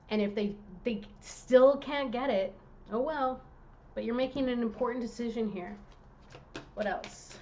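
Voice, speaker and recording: Woman tarot reader, fairly high voice, fired-up and direct, slightly muffled lo-fi audio. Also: measured pace, a little mellow, slight background noise. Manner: impassioned, direct, talking to the viewer. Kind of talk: tarot reading vlog.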